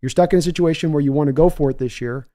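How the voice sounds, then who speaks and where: Mellow-voiced chatty sports host man. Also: on the high side, very fast. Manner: chatty, rambling, restarts sentences. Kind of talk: live-stream sports talk, reading chat.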